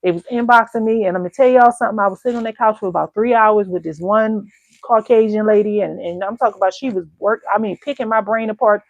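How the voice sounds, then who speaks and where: Gravelly, chatty woman coach. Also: medium pitch, fast, no echo, muffled recording. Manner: animated, colloquial and chatty. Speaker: candle-making coach. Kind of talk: casual storytelling to viewers.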